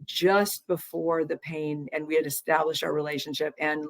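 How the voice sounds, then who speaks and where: Earnest low-voiced woman host in her 60s. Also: little pitch movement, gravelly, no echo. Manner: earnest, halting with restarts. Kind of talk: interview conversation.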